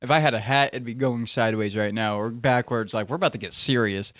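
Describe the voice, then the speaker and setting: A man's voice: medium pitch, fast talker, a bit bright, dry recording. Rambling young man hosting a podcast. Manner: rambling, jokey, self-interrupting. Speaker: podcast host. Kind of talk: casual podcast chat.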